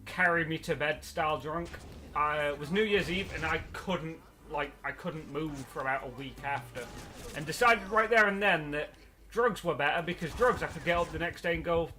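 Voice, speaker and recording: A man's voice: a little high, moderate pace, pushed and bright. A man chatting casually while playing a video game, rambling through stories and laughing often. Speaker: let's play host. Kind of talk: casual chat while gaming.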